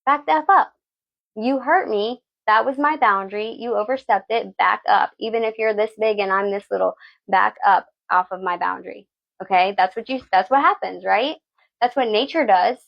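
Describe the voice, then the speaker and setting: A woman's voice: mid-range voice, normal speed, vocal fry, lo-fi sound. A woman giving a tarot reading, blunt and preachy, swearing freely and asking "okay?" again and again. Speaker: tarot reader. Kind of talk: live tarot reading talk.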